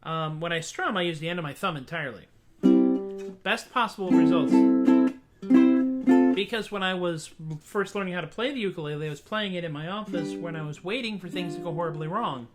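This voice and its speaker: A man's voice: on the high side, fairly quick, over loud music. A man hosting a casual live stream, chatting between songs and joking about his own mistakes, with his ukulele playing along. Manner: self-deprecating, chatty, breaks off songs to joke. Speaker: singer-songwriter streaming a show. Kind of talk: casual livestream chat and singing with ukulele.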